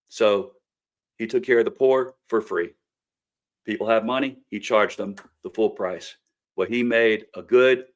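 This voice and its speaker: A middle-aged man with a Kentucky accent, hosting a show and telling folksy stories in earnest, plain-spoken campaign talk. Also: lowish voice. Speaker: host and candidate for local office. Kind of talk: casual campaign talk to camera.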